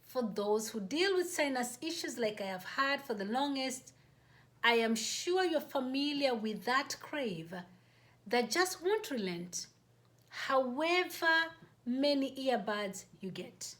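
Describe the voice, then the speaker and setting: A woman host reading her own personal story aloud, in a measured, deliberate way. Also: high voice, expressive, a bit bright.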